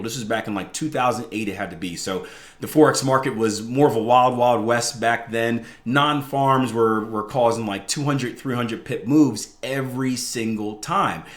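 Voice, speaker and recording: A man hosts a trading podcast in a casual monologue, animated and chatty, tossing in "right?" again and again. His voice sits at an ordinary middle pitch. The sound carries a roomy echo. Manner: animated storyteller, keeps tagging "right?". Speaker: trading coach podcast host.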